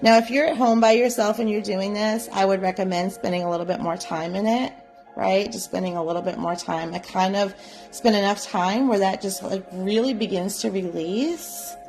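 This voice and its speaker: A woman teaching a live psychic development class, guiding listeners gently and often checking in with "right?". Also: medium pitch, steady tone, normal speed, faint music behind. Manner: gentle, coaxing, repeats "right?". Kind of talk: guided live class instruction.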